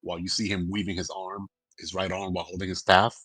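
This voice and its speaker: Low-voiced man rambling through his turn. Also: flat delivery, quick pace, a bit bright, husky, no room sound, rough recording. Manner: rambling, full of ums and likes. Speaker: player. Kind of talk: describing his character's actions in a tabletop game.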